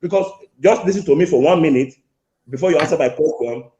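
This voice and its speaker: A male caller with a fairly high voice, heard on an echoey, muffled line. He is insistent and repetitive, talking over the host as he presses his complaint. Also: fast talker, dark tone. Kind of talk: angry call-in complaint. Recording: echoey lo-fi phone call.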